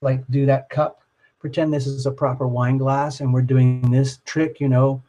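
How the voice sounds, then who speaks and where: A man's voice: medium pitch, little pitch movement, moderate pace, warm tone, highs cut off. A man hosting a live tarot reading, talking in a rambling, dreamy way full of "like" and "you know".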